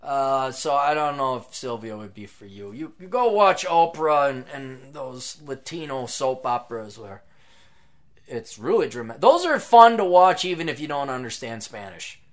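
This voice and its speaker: A man hosting his own podcast in a casual, sarcastic, rambling monologue, reading out plugs and jumping between loud bursts and mutters. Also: mid-range voice, big pitch swings, normal speed. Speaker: podcast host.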